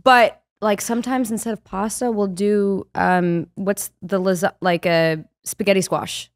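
A woman from the Boston area with a faint Boston accent, a loud and animated guest in casual podcast chat. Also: medium pitch, unhurried, no echo. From Boston area, USA.

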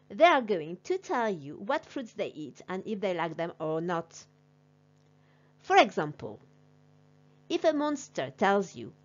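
Woman language teacher with a lively, up-and-down voice, paced very slowly for a class, on a dull lo-fi recording. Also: medium pitch. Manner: slow, deliberate and encouraging, like addressing a class.

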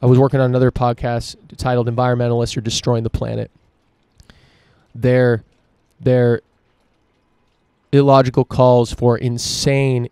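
Dark, flat-voiced ranting male podcaster. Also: mid-range voice, smooth, no room sound. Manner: profane, emphatic ranting. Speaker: podcast host. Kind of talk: solo opinion podcast monologue.

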